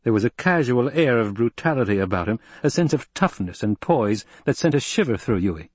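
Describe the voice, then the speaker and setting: A man reads a novel in steady, measured narration. His voice is somewhat husky and sits at a middle pitch. The recording is dry and close. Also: no room sound. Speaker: audiobook narrator. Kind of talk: scripted narration.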